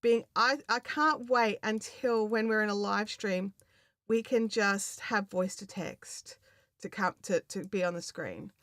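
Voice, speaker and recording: A woman's voice: mid-range voice, measured pace, fairly bright tone, no echo, studio quality. Chatty Australian woman reading stream comments. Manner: chatty, rambling, laughs often, many fillers. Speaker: craft livestream host. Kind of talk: casual livestream chat reading viewer comments.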